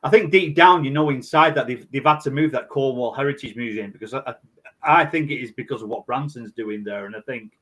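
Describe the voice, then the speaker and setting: A man's voice: mid-range voice, fast. Rambling man, podcast co-host. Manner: rambling, many restarts. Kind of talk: casual chat.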